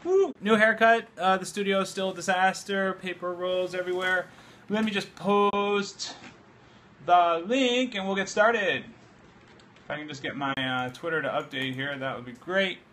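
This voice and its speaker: Excitable man hosting a beer-fueled livestream. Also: high-pitched, moderate pace. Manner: excitable, loose and swearing, drinking beer while talking. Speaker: livestream host. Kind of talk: casual livestream chat. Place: home studio. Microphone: phone livestream app.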